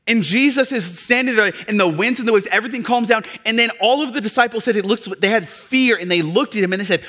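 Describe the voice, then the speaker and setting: Bright, passionate preaching man. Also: sits high, quick pace, few pauses. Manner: builds from hushed to loud, passionate preaching. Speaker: pastor. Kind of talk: sermon.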